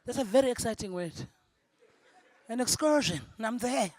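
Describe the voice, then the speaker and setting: A young South African woman, a native Zulu speaker, doing a stand-up comedy set. She laughs often and swings between loud punchlines and hushed asides. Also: fairly high pitch, expressive, normal speed, no echo. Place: convention ballroom.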